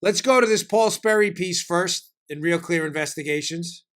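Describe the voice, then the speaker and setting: A man hosting a political talk show, giving rapid, sarcastic commentary and asking mock questions he answers himself. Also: high-pitched. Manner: rapid, sarcastic, jokey and animated.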